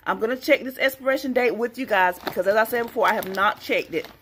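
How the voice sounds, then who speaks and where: A woman chatting casually and excitably to her viewers about her coupon deals. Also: on the high side, quick pace, a little hiss or hum. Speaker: couponing vlogger. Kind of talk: casual deal-hunting vlog.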